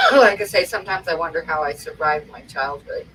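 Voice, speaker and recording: A woman's voice: deep voice, huge pitch swings, normal speed, fairly bright tone. A middle-aged woman from Oregon telling rambling anecdotes in casual chat, often breaking into laughter. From Oregon, USA. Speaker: co-host. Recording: distant mic with faint noise.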